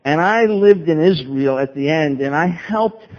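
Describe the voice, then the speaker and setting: A man's voice: a little high, lively intonation, unhurried, pitched below the performer's own voice. A man doing a humble little New York Jewish man. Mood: modest. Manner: modest, quiet. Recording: dull sound with long hall reverb.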